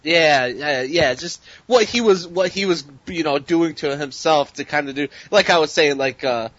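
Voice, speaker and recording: A man discusses a movie in casual talk, halting and hesitant with frequent fillers. His voice sits slightly high. The sound is dry and dull, lo-fi. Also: fairly bright tone, no echo. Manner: halting, many fillers and restarts, laughs easily. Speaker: podcast co-host. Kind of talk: casual movie review chat.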